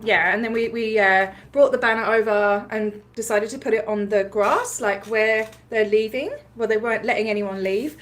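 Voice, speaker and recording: A woman with an Australian accent, telling a story in a casual livestream recap, chatty and animated, with many fillers and frequent laughs. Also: medium pitch. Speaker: activist livestream host.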